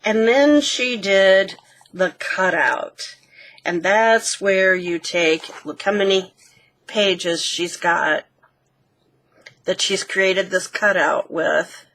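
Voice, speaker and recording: A woman hosting a craft channel, gently walking through a handmade book page by page and pointing out details. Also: mid-range voice, extremely slow. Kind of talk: casual show-and-tell walkthrough.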